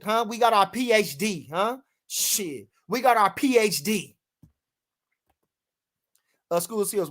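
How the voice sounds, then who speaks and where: Brash, profane man ranting about boxing. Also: high-pitched. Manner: animated, brash, profane, repeats himself for emphasis. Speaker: boxing commentator reading live chat. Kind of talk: casual livestream chat.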